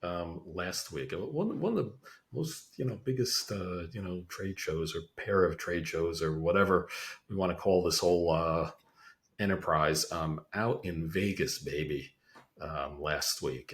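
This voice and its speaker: A man's voice: sits low, measured pace, fairly bright tone. A man with a New Jersey accent, co-hosting a podcast in casual chat and telling stories with chuckles. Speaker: podcast co-host.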